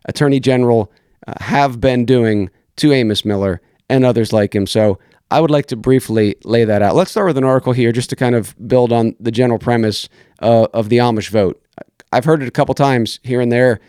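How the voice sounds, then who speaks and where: A man at a middle pitch talks through his political commentary podcast. He reads news articles aloud and cuts in with blunt criticism, often restarting his sentences. His voice is smooth and resonant, recorded close and dry. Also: dark tone, no echo. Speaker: podcast host.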